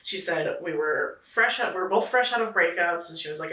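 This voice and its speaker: Recorded in an echoey room with the mic set far off, this comedian and comedy producer answers interview questions reflectively, stumbling through fillers and restarts. She speaks briskly in a lowish, sharp voice with hardly any pauses.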